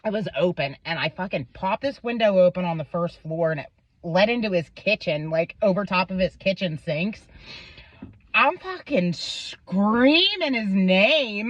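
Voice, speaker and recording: A woman's voice: mid-range voice, very animated, measured pace, no echo. Young woman rambling and cursing thru a story, swings up and down a lot, dry muffled sound. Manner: rambling, swears often, stumbles over words. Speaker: vlogger. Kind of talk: emotional storytelling to camera. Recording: dull lo-fi sound.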